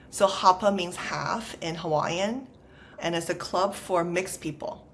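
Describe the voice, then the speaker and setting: With a lowish voice and slight hiss or hum in the background, a woman in her thirties from China guests on a casual podcast interview. The startup founder speaks in a Los Angeles Valley girl accent, chatty and dotted with "like."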